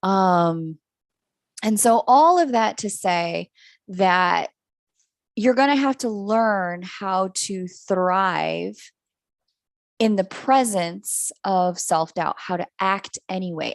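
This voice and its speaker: A woman's voice: lowish voice, slow pace, dry recording, studio quality. A woman giving a live-streamed astrology reading, candid and self-mocking, who laughs often and swears casually. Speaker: astrology reader.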